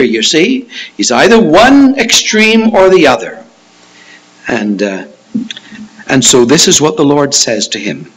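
A slow, husky preacher, animated and rising. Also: male voice, on the high side, rough recording. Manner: emphatic, acts out Peter's protests in a raised voice. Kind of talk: expository Bible teaching.

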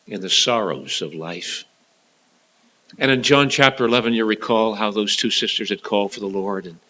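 A man preaching a sermon, dramatic, swinging from loud to hushed and often repeating and restarting words. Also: fairly low pitch, rough recording.

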